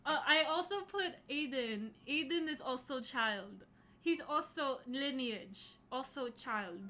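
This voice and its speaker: A woman's voice: sits high, animated, slow, sharp tone. A young woman in her twenties hosting a casual livestream from home, chatty and swearing freely as she greets chatters by name. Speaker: podcast host live-streaming to chat.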